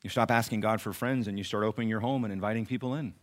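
A pastor delivers his sermon in a church with a somewhat low male voice. He speaks earnestly and personally, pushing some phrases out with force and dropping others to a near-whisper. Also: fairly even intonation, racing. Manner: earnest, shifts from raised emphasis to hushed near-whispers. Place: church sanctuary.

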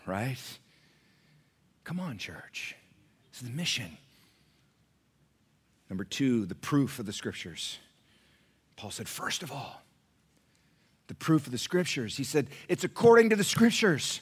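A middle-aged American man preaching a sermon in a church, emphatic and joking, dropping to a hush and then rising loud. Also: medium pitch, very animated, measured pace, pauses often, breathy edge. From United States. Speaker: pastor.

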